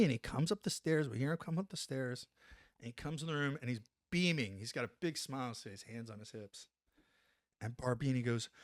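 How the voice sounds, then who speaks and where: A man in his forties, an army veteran guest on a podcast, telling an animated story and tagging lines with "right?". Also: on the high side, normal speed, dry recording, clean studio sound. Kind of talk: casual storytelling anecdote.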